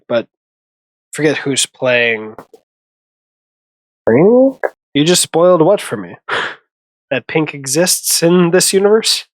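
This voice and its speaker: Brief: male movie-commentary host, slightly higher voice, rambling and self-correcting, dry close sound. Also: no room sound. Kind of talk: casual reaction commentary.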